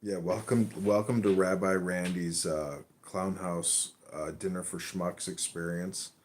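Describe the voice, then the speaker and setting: A man's voice: low voice, steady tone, unhurried, a little hiss or hum. A man hosting a podcast, telling crude, rambling comic stories full of swearing. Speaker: podcast host. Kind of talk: profane comedic storytelling.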